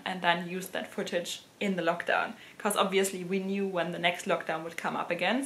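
A woman's voice: fairly low pitch, fairly bright tone, slight background noise. Giggly woman with a German accent. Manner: laughs and giggles often. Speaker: luxury fashion vlogger. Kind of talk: casual chat to camera. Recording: roomy echoey room.

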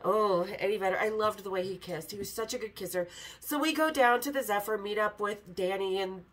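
A woman hosting a podcast, candidly telling a story with swearing and animated quoted lines. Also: medium pitch, a little fast, poor audio. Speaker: podcast host. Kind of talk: casual storytelling.

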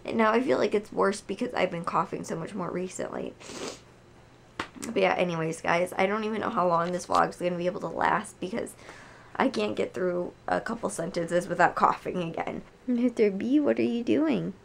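A young woman vlogging casually at home, hoarse from a cold and chatting with lots of fillers. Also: on the low side, normal speed, a little hiss or hum. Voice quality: gravelly. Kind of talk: casual chat to camera.

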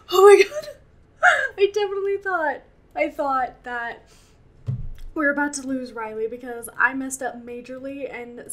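A young woman hosts a gaming channel, giving let's-play commentary while she plays. Her voice sits high with a fairly bright tone, and she gets emotional, laughs a lot, and talks to her characters.

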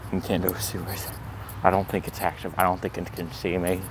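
A young man with a low, heavy voice vlogs on a handheld camera out on a city street, playing a comic redneck persona. He shifts from hushed, sneaking mutters to sudden excited outbursts. Traffic and street noise sit clearly behind him. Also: brisk. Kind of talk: handheld comedy vlog commentary. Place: outdoors in a city. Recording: noisy outdoor street recording.

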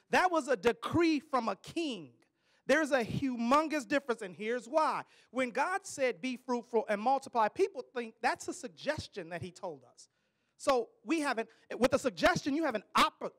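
Man, very high voice, preacher, call-and-response, loud emphatic declarations. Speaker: preacher and ministry leader. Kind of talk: sermon.

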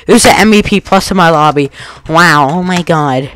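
A man's voice: on the high side, normal speed, a bit bright, clear, resonant tone, no echo. A man giving live gameplay commentary, ranting in frustration and tacking "dude" onto nearly every line. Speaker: gaming video creator.

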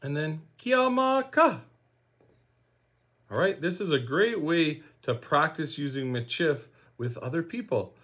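Teaching a language lesson, a Saskatchewan man repeats every word slowly so learners can follow along, keeping his tone encouraging. His voice sounds fairly high, somewhat bright and a little rough.

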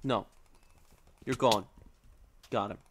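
A man's voice: on the low side, fairly even intonation, slow pace, slight background noise. A man commentating his own live game stream, taunting opponents and venting frustration at teammates. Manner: talks to opponents, frustrated outbursts.

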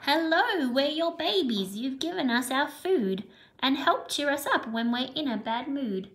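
A woman's voice: high-pitched, expressive, unhurried, fairly bright tone, pitched above the performer's own voice. A woman reading aloud as a group of baby animals who tell their parents they love them. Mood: loving.

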